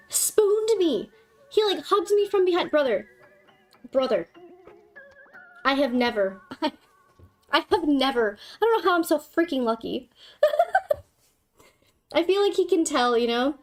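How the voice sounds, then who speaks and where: Giggly high-voiced young woman streamer. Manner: giggly, swears casually, gushes over her cat. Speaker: livestream host. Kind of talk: casual livestream chat.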